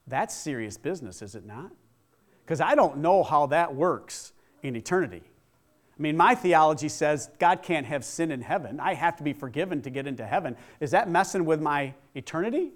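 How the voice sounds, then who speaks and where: A man preaching a sermon in a conversational way, asking the congregation questions and swinging from loud to hushed. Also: a little high, lively intonation, brisk. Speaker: pastor.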